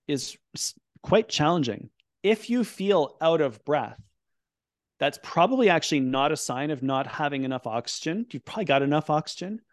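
A middle-aged man speaks as a guest expert in a relaxed podcast chat. His voice sits at an ordinary pitch and is recorded close and dry. He explains things eagerly and gently talks listeners through a breathing count. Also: dry recording. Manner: explanatory, upbeat, talks in quick bursts. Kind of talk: casual podcast conversation, guiding a breathing exercise.

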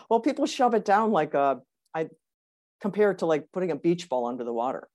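Woman host, warm-toned interviewer, lower register, empathetic. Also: sing-song, brisk. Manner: empathetic, encouraging. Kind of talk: conversational interview.

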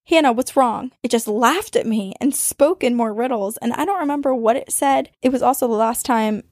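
A woman podcast host reading a listener's ghost story aloud, with dramatic storytelling that speeds up and slows down for suspense. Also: fairly high pitch, darkish tone, dry recording, studio quality.

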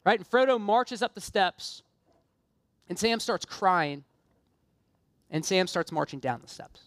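A woman's voice: medium pitch, expressive, a little slow, no echo. Woman preacher, mid-range voice, earnest and fervent sermon delivery with chatty asides, dry close mic. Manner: earnest and impassioned, rising to emphatic appeals; conversational asides with light self-deprecation.

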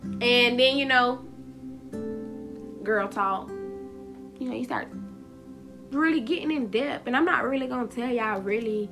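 A woman's voice: fairly high pitch, measured pace, long pauses. A woman hosting a solo podcast, talking candidly and with plenty of profanity, her words running together. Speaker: podcast host. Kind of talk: casual solo podcast monologue. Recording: guitar music playing behind.

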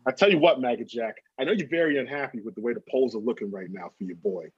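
A man's voice: medium pitch, fast, breathy edge, no echo, dull audio. A man co-hosting a casual sports chat, emphatic and swearing freely as he makes bold predictions. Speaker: podcast co-host.

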